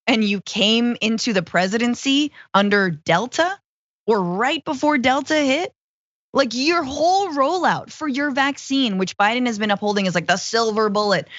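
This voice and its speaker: A woman's voice: mid-range voice, no room sound, muffled recording. A woman co-hosting a political commentary show, talking in a sarcastic, jokey way. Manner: sarcastic, jokey, animated when mocking. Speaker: co-host.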